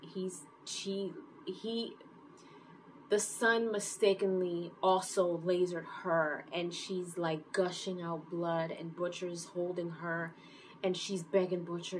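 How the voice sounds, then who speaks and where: A woman giving a casual, animated recap of a TV episode, full of fillers and open emotional reactions. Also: lowish voice, takes it slowly, a little hiss or hum, low-quality recording. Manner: animated storytelling with many fillers. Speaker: TV series reviewer.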